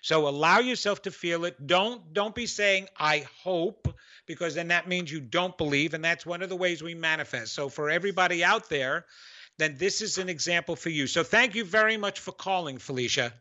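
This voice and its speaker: A man's voice: fairly high pitch, brisk, bright, forceful tone, highs cut off. A man hosting a psychic call-in show, giving enthusiastic, preachy advice and often repeating himself. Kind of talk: motivational radio call-in talk.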